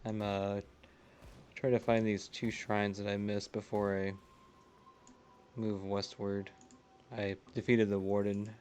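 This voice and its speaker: Chatty low-voiced man streaming a game. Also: level tone, slow, long pauses, a little mellow, clean tone. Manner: chatty, laughs often, reads chat aloud. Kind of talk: casual live-stream commentary.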